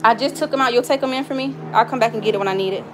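Talking very fast in a voice on the high side, with a noisy background, a young adult woman cooks in her home kitchen. This Southern-accented cooking vlogger chats frankly and casually, telling stories and swearing freely.

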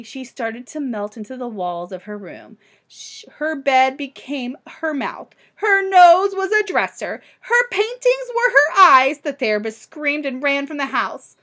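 A woman teacher reading a picture book aloud to children, expressive and animated. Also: high voice, measured pace.

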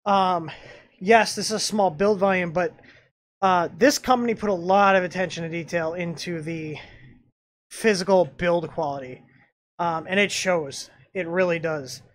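Reviewing a 3D printer on a laid-back live stream, a high-voiced man speaks a bit slowly over slight background noise. He meanders through his thoughts with plenty of "um"s and keeps backing up to begin again.

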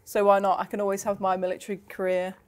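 A woman's voice: medium pitch, completely flat delivery, fast talker. A young English woman with a mostly neutral accent and a faint Midlands twang, a rugby player chatting casually as a guest, with lots of fillers and laughter. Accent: neutral English with a slight Midlands twang. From England. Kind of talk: casual chat.

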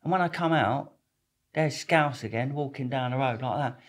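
A man's voice: medium pitch, moderate pace. A young man, a podcast guest telling stories in a rambling, slangy way with plenty of swearing and restarts. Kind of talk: casual storytelling interview.

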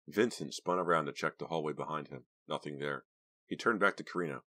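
A man narrating an audiobook in steady, measured scripted narration. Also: very deep voice.

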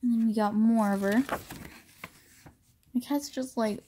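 A woman's voice: fairly high pitch, fairly even intonation, a little slow, dark tone, slight background noise. A young woman chatting casually into a phone at home, rambling and self-deprecating about her drawings. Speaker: amateur artist. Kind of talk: casual chat.

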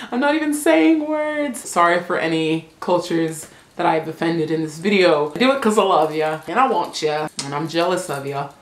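A woman's voice: low-pitched, moderate pace, few pauses. Giggly woman vlogging in an echoey room. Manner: giggly, playful, keeps breaking into laughter. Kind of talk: casual comedic vlog.

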